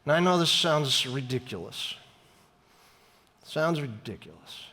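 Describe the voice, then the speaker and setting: Storytelling pastor with a reverberant sound. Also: male voice, medium pitch, expressive, bright, forceful tone. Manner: conversational, storytelling with dramatic slowdowns. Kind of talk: sermon. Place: church sanctuary.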